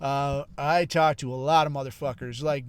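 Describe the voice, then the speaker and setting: Profane, smooth-voiced male podcast host. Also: mid-range voice, steady tone, normal speed. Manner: heavy swearing, constantly says dude and bro. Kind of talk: casual profane rant.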